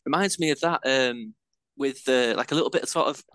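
A man's voice: medium pitch, brisk, a bit bright, no echo. A man co-hosting a casual beer podcast, self-deprecating and rambling, with lots of fillers as he talks about brewing. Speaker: podcast co-host and home brewer. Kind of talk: casual chat.

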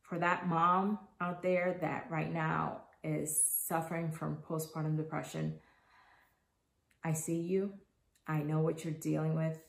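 In a personal podcast monologue, a thirtysomething female host speaks frankly and sincerely about what she's lived through. Her deep voice is flat, unhurried and marked by vocal fry, with the room audibly echoing.

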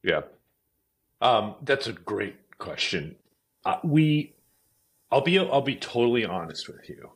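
A middle-aged man, a company executive, chatting casually in an interview, filling his stories with "like" and "you know" and acting out shouted quotes. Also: mid-range voice, very animated, slow, pauses often, breathy edge. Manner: chatty, many fillers, acts out shouted quotes. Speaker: events company CEO, podcast guest.

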